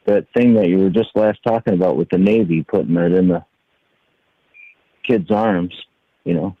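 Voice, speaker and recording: Low-voiced man on a tinny phone line. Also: moderate pace, vocal fry, no echo. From New York. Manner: musing, searching for words. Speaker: caller.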